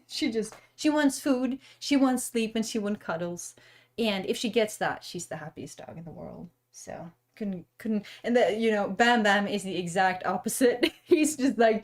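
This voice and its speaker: Young woman, art-stream host, soft and chatty, laughs easily, talks to viewers while painting. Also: medium pitch. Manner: chatty and gentle, laughs often, reads chat aloud. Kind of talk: casual livestream chat while painting.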